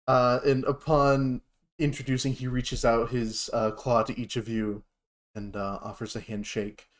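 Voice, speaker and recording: A man narrating as game master of a tabletop role-playing game, relaxed and full of fillers. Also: medium pitch, measured pace.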